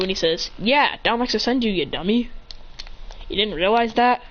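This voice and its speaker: A woman improvising a fan story while gaming, rambling, correcting herself and getting excited as she jumps between characters' lines. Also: fairly high pitch, normal speed, slight background noise. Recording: dull lo-fi recording.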